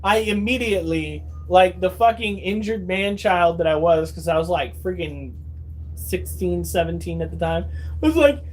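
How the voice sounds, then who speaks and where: A man in his thirties with a high voice talks to his phone at home, rambling through stories for his viewers. He swears freely and acts out what people said. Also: fairly even intonation, normal speed, a little mellow. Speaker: vlogger. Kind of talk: casual storytelling to viewers.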